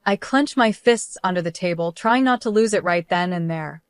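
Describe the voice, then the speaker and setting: A woman's voice: fairly low pitch, normal speed, few pauses, smooth, dry recording, clean studio sound. A woman narrating a dramatic first-person story with tense, emotional delivery.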